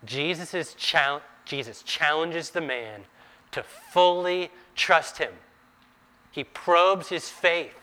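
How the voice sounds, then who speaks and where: Slow, bright-voiced preacher man. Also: fairly high pitch. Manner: dramatizes quoted dialogue with rising intensity. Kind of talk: sermon.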